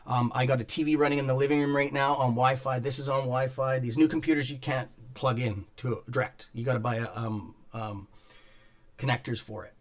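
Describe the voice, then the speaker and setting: This stock market livestreamer, a man with a mid-range voice, broadcasts from a top-floor home studio in a loose, chatty way. He swears, drifts from topic to topic, greets people in chat by name, and clears his throat and coughs repeatedly.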